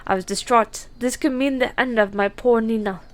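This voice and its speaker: A woman voicing a gentle young male horse farmer in a put-on Irish accent, reading game dialogue aloud as a storyteller. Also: fairly high pitch, normal speed, close to an everyday voice. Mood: storytelling. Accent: attempted Irish.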